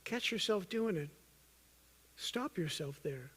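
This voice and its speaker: A man preaching a sermon as pastor, earnest and urging, at times loud and at times hushed, joking with the congregation. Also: lively intonation, takes it slowly, slightly rough. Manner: earnest, swings from loud emphatic urging to soft low intensity; jokes with the congregation.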